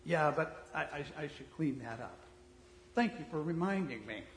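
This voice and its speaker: A man's voice: on the high side, expressive, moderate pace, a little hiss or hum, pitched below the performer's own voice, natural voice. A man voicing a husband who sheepishly apologizes for leaving a mess in the kitchen. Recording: echoey hall reverb.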